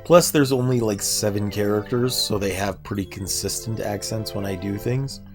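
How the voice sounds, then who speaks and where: A man's voice: on the low side, normal speed, soft background music. A man streaming a game, chatting casually and self-deprecatingly with viewers while nursing a sore throat. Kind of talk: casual gameplay livestream chat.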